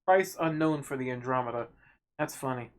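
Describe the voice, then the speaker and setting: A woman's voice: extremely low pitch, moderate pace. A woman streamer narrating a game casually, reading its text aloud with muttered asides.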